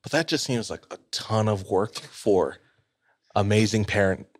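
A man co-hosting a casual podcast, telling a story in a relaxed, hedging way and laughing often. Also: fairly low pitch, a little slow. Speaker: podcast co-host.

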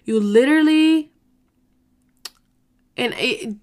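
A young woman telling a personal story to her viewers, full of slang and swearing, switching into quick impressions of herself and others. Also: high-pitched, a little mellow. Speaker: vlogger. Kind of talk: casual storytelling to camera.

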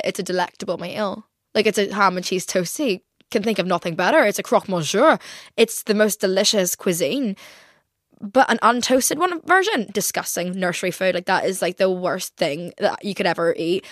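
A woman's voice: mid-range voice, dry recording, clean studio sound. A young woman in her twenties with an English accent, chatting casually as a podcast host and rambling with lots of "like". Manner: rambling, heavy use of "like". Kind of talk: casual chat.

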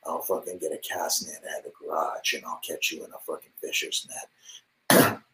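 A live streamer with a deep, low, level voice rambles fast from his home office desk mic in a hyped-up monologue, brashly boasting and swearing. He swings between loud ranting and near-whispered muttering, with slight background noise and poor audio.

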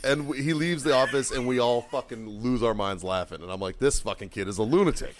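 A man in his thirties spins a long anecdote for his podcast friends. He swears freely, laughs at his own punchlines and slips into the voices of the people he quotes. His voice sits at an ordinary middle pitch. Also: brisk, a little hiss or hum. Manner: profane, laughs often, acts out quoted people. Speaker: podcast co-host telling a story. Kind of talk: casual profane storytelling.

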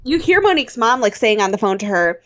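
A woman's voice: a little high, very animated, fast, heavy background noise. A young woman co-hosting a podcast, steadily narrating a reality show's plot with dry asides. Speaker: podcast co-host. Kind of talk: casual chat recapping a reality show. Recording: dull lo-fi sound.

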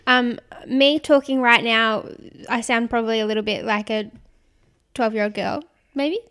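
A woman's voice: on the high side, steady tone, normal speed, a bit bright. A young woman co-hosting a podcast in casual chat, with a young, giggly voice and a rambling, chatty way of talking. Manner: chatty, rambling, laughs often. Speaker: podcast co-host.

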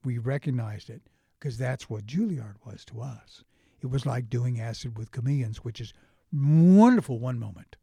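A middle-aged man in casual conversation, telling stories with lively restarts and acted-out quotes. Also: medium pitch, moderate pace, gravelly, husky, no room sound, clean studio sound. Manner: animated storyteller, frequent restarts and acted quotes. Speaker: interview guest.

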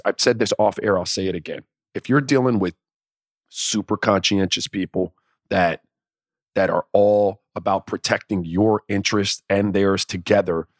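A man co-hosting a casual sports podcast, talking in animated, profane riffs and acting out imagined inner dialogue. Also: on the low side, dry recording, clean studio sound. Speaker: podcast co-host.

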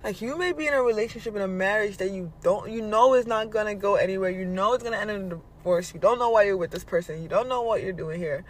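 A man's voice: sits high, fast talker, hardly any pauses, a little hiss or hum. A man hosting a podcast, giving a blunt, casual spiritual motivational monologue and swearing freely. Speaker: podcast host.

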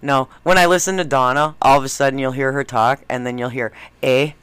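A woman co-hosting a radio show, teasing her partner and quick to laugh. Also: very deep voice, a bit bright, a little hiss or hum. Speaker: radio co-host. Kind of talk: casual radio banter.

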